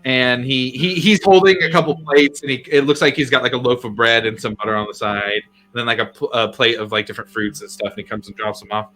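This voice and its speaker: A man narrating as game master in a tabletop game, casual and halting with many fillers. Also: mid-range voice, steady tone, bright, forceful tone, soft background music.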